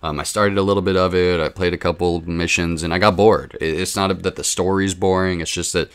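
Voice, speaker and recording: A man's voice: low voice, fairly even intonation, brisk, clean tone. A man running a gaming channel, chatting casually to his viewers in a rambling, self-deprecating way with frequent ums.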